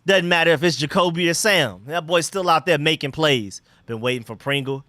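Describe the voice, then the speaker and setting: Male streamer, bright tone, dry close sound, excitable casual commentary. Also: fairly high pitch, a little fast, dry recording. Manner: excited, chatty, talks to chat and his dogs. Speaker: livestream host. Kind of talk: casual live football commentary.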